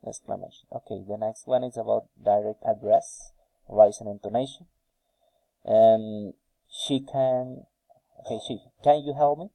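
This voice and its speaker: A man reading intonation drill sentences aloud slowly and carefully for a phonetics task, with a few hesitant fillers. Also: lowish voice, steady tone, gravelly, dark tone, dry recording, rough recording. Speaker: student recording a phonetics task.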